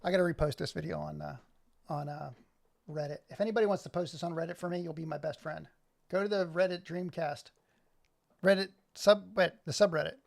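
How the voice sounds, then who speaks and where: A man chatting loosely to his live stream audience, his voice gravelly with a touch of fry. He sits a little high in pitch for a man and drifts from point to point with jokey asides to viewers. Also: brisk. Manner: rambling, talks to chat, jokey asides. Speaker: livestream host. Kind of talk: casual live stream chat.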